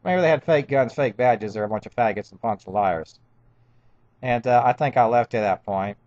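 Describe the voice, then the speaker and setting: A man's voice: medium pitch, moderate pace, a little mellow, dry recording. Man in his 50s, agitated rambling monologue, stammered restarts, dry muffled home recording.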